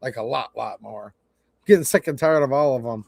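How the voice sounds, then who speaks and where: A man's voice: medium pitch, normal speed, gravelly, darkish tone, no echo. A man in his forties hosting a livestream, rambling and stammering in a blunt, frustrated way. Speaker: livestream host. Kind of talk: casual livestream rant.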